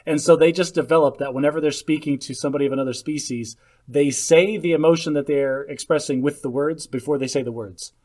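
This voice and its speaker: A man's voice: on the high side, steady tone, fast, a little mellow. Wry, blunt man co-hosting. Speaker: podcast co-host. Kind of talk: casual chat.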